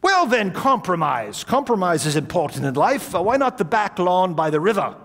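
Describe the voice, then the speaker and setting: Generous rich old host, put on by a male speaker, high and bouncy, hall echo. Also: very animated, moderate pace, fairly bright tone, heavily acted. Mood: coaxing. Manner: hospitable, coaxing offers. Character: genial wealthy older gentleman host, generous.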